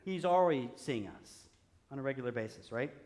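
A man preaching a sermon in a conversational way. He keeps asking "right?" and moves from quiet asides to loud exclamations. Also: medium pitch, expressive, fairly quick. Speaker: pastor.

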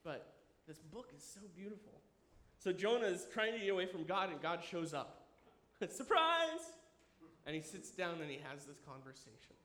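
A man in his thirties preaching a sermon, animated and enthusiastic, dropping at times to a quiet, earnest tone. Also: a little high, a little fast, hardly any pauses. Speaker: pastor. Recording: echoey room with faint ambience.

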